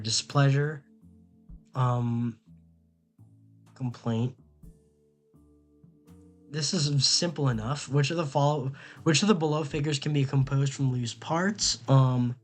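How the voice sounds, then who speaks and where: A young man streaming casually, reading quiz questions aloud and answering them in a rambling, flustered way, often stammering and repeating himself. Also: mid-range voice.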